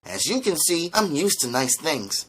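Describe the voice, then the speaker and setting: A man putting on a sassy high-voiced young woman. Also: very animated, fairly bright tone, slight background noise. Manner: fast, sassy, high-pitched delivery.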